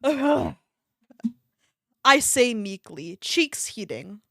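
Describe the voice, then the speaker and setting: A woman's voice: medium pitch, very animated, drawn-out words, vocal fry, dry recording. Giggly woman streamer reading aloud, dry. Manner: giggly, breaks off reading to react to chat. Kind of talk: live-stream reading of fan fiction aloud. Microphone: desk microphone.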